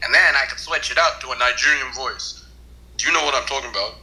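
A man's voice: mid-range voice, quick pace, pushed and bright, poor audio. A young man in a casual video chat, laid-back and crudely joking.

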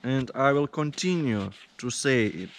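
Slow, indignant man. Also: mid-range voice, lively intonation, slight background noise. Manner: indignant, deliberate storytelling. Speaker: vlogger. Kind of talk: complaining vlog monologue.

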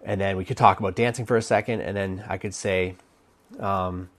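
A man's voice: deep voice, fairly even intonation, brisk. A man coaching on dating, giving casual advice while thinking aloud, with many restarts and fillers. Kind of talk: casual instructional talk.

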